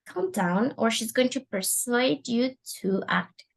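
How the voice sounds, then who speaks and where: A woman teaching an online English class, animated and coaxing, repeating words for her students. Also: fairly high pitch, takes it slowly, creaky. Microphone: video call.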